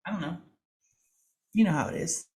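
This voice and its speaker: A woman's voice: lowish voice, expressive, moderate pace, darkish tone, slight background noise. A woman comedian guesting on a podcast, chatting casually with self-deprecating, anxious, dry humor. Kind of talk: casual chat.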